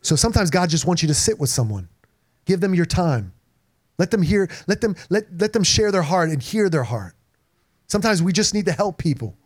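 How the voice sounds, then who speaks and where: Male pastor, energetic sermon delivery with congregation call-outs, voice on the higher side. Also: a little fast. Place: church in front of a congregation.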